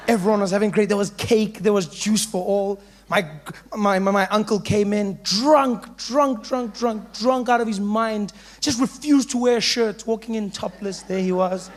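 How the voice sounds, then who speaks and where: A man with a South African accent telling a stand-up story, acting out voices and bursting into shouts. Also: high voice, normal speed, hardly any pauses. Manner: animated, switches into character voices and shouts. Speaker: stand-up comedian.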